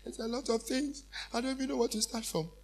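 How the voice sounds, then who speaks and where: A preacher voicing a heartbroken young woman who pleads softly and tearfully for help. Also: very high voice, fast talker. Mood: hesitant.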